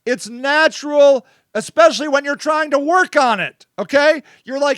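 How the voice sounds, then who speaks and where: A man's voice: extremely high pitch, moderate pace, hardly any pauses, a bit bright, no echo, studio quality. A man hosting a casual live-stream monologue, blunt and swearing, often asking "okay?". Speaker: host.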